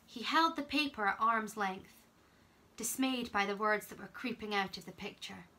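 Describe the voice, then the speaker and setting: A young woman camp counselor reading a children's storybook aloud, gently and expressively. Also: mid-range voice, normal speed.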